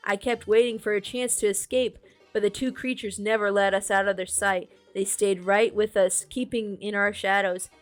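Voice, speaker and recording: A woman's voice: medium pitch, fairly even intonation, normal speed, faint music behind. A woman streamer reading a storybook aloud, chatting with viewers and fixing small slips as she goes. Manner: chatty asides to chat, reads with small self-corrections.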